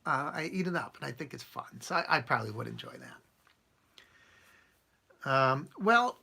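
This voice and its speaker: A man's voice: medium pitch, lively intonation, moderate pace, gravelly, bright, forceful tone, slightly rough. A man hosting a casual live stream, rambling and chuckling as he answers comments from his viewers. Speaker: channel host answering live chat.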